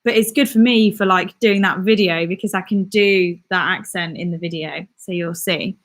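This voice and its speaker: A woman's voice: on the low side, fairly even intonation, moderate pace. Chatty woman with mixed Midlands-southern English accent. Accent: mixed West Midlands and southern English. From West Midlands, England. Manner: chatty, reads viewer comments aloud, laughs often. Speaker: YouTuber and comedian. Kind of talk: casual live-stream Q&A.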